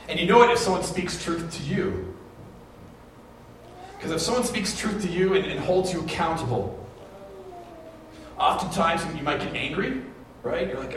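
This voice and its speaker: A male pastor giving a sermon, telling stories from his childhood and rising to high, emphatic peaks. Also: expressive, normal speed, long pauses, fairly bright tone, distant mic, a little hiss or hum. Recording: very echoey room, voice from afar.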